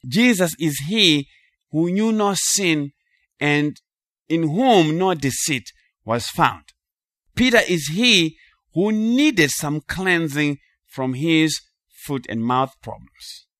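A man preaching a sermon in an emphatic, rhythmic way with dramatic pauses. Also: on the high side, animated, a bit bright, dry recording, studio quality.

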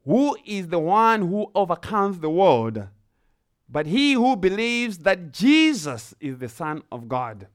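Man preaching, sermon, slow deliberate delivery, slightly high voice, emphatic swells. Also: very animated. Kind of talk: sermon with scripture reading.

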